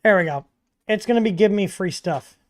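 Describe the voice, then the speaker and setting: A man's voice: sits high, brisk. Chatty man hosting a tech livestream. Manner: relaxed, chatty, frequent ums and asides. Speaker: livestream host answering 3D printer questions. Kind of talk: casual livestream Q&A. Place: home studio with dogs nearby.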